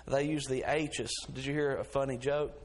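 A man's voice: mid-range voice, fairly even intonation, normal speed, darkish tone. A middle-aged man preaching a sermon as pastor, folksy in his stories and rising to fervent preaching.

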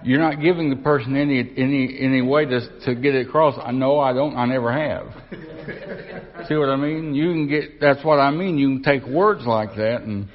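A man's voice: mid-range voice, normal speed. A man preaching a conversational Bible lesson, folksy, repeating himself and asking the room questions. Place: church or Bible class. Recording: dull lo-fi recording.

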